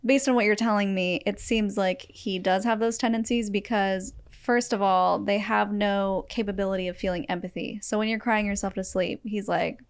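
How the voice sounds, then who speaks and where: A woman's voice: medium pitch, fairly even intonation, moderate pace, few pauses, smooth. A woman hosting a podcast interview, explaining things at length in an empathetic way. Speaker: podcast host. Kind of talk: conversational interview.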